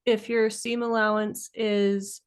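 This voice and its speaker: A woman's voice: mid-range voice, level tone, slow, smooth. A woman co-hosting a live online quilting lesson, explaining sewing steps with hesitations. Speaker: co-host.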